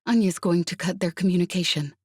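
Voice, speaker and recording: A woman reading an audiobook, voicing a calm crewwoman speaking in a low, measured voice. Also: slightly rough, dry recording, studio quality.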